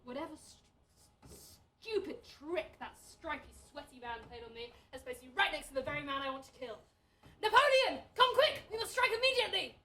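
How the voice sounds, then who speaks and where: A woman's voice: high-pitched, moderate pace, pushed and bright, slight background noise. A woman voicing a furious revolutionary man trapped in an emperor's body in a comedic audio play, ranting and sneering. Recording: distant, off-mic voice.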